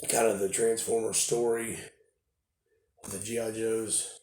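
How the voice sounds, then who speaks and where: A man's voice: on the low side, little pitch movement, a little slow, darkish tone. A man with a cold and a stuffed-up voice, rambling casually into his phone camera at home, repeating himself and trailing off. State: congested with a cold. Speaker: toy collecting vlogger. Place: at home indoors. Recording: echoey room with faint noise.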